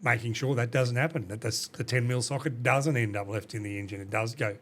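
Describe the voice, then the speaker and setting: A man's voice: medium pitch, steady tone, a little fast. A man, a company boss, talking casually in a podcast interview, explaining at length with many restarts and "you know". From Australia. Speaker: company CEO, guest.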